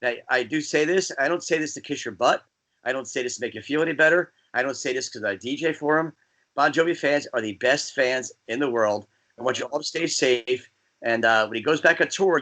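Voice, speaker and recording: A man from New Jersey, a guest DJ, chatting casually and telling rambling, animated stories. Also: medium pitch. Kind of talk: casual podcast chat.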